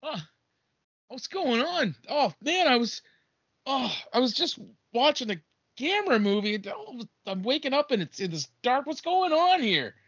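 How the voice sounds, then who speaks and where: Panicky, whiny podcast co-host. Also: male voice, very high voice, sing-song, normal speed, a bit bright, breathy edge, no echo. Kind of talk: comedic podcast sketch. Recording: dry, dull lo-fi recording.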